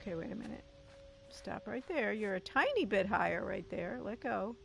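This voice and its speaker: A woman playing a video game and chatting casually, excitable, with frequent gasps and giggles. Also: mid-range voice, moderate pace, vocal fry, noisy background. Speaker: let's play gamer.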